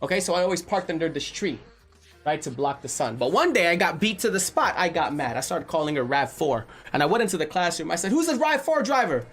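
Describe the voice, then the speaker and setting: A man's voice: on the high side, fast, slightly rough, soft background music. A married man hosting a casual stream, chatting and reading viewer messages aloud as he tells stories. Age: adult, married. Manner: animated storyteller, reads chat messages aloud. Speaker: stream host reading chat. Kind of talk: casual chat.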